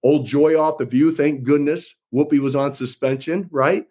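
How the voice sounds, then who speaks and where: A man's voice: fairly high pitch, steady tone, normal speed, mellow. A man running for office, speaking to his followers in a folksy, emphatic way and repeating phrases for effect. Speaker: political candidate. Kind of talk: campaign address to followers.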